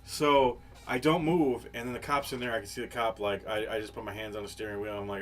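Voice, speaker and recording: A man's voice: lowish voice, fairly even intonation, fast, few pauses, fairly bright tone. A man co-hosting a podcast, telling a long, rambling, profane story in casual chat, full of fillers. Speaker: podcast co-host. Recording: live podcast, faint background noise.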